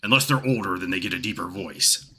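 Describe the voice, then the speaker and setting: A man's voice: sits low, a little fast, bright, forceful tone, a little hiss or hum. A man playing a role-playing game and giving casual commentary with wry, joking asides. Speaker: gaming video host.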